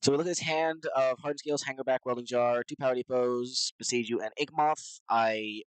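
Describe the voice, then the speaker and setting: A man's voice: mid-range voice, steady tone, a little fast, clean tone, dry recording, low-quality recording. A man who is a little sick and sounds nasal, rambling casually and unsurely with lots of fillers as he commentates his own card game matches at his computer.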